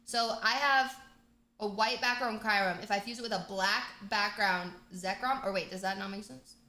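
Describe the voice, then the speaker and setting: A woman hosting a casual game livestream, chatty and bubbly with excited outbursts. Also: medium pitch, moderate pace. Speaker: livestream host. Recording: echoey room.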